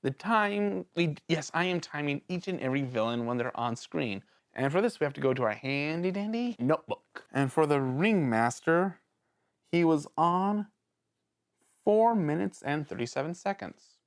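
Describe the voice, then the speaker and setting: A man hosting a casual video review show, talking in an animated, jokey way that rambles and interrupts itself, with sudden jumps in pitch. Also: moderate pace, smooth. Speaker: host of a villain-ranking show.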